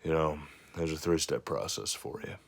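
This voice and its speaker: A man's voice: very deep voice, normal speed, gravelly. A man who coaches fitness, giving an earnest, rambling motivational talk to camera, full of "you know" and "I mean" fillers. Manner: earnest, rambling, many 'you know' fillers.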